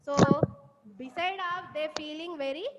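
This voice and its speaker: A woman teacher with a Telangana Indian English accent giving an online class, explaining slowly with many repetitions. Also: high voice, long reverb tail, very noisy.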